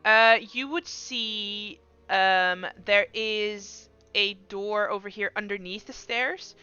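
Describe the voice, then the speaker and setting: A woman's voice: mid-range voice, steady tone, slow pace, pushed and bright, smooth, dry recording, faint music behind. A woman narrating as game master in a loose, giggly way with lots of fillers. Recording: slightly muffled dry recording.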